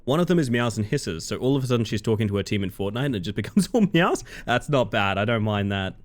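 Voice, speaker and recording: A man streaming a game live, chatting to his viewers in a casual, excitable way and often breaking into laughter. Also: on the low side, quick pace.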